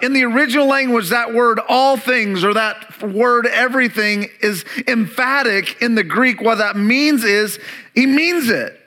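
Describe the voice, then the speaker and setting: A man's voice: sits high, sharp tone. A man preaching a sermon as pastor, emphatic and calling on the congregation to repeat words back.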